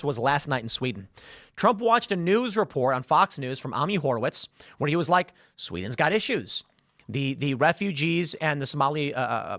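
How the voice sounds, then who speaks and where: A man delivering a political commentary monologue, his fairly high voice swinging widely as he mocks and scolds. The sound is dry and close, with no room around it. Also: no echo. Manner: animated, sarcastic, mocking. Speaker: show host.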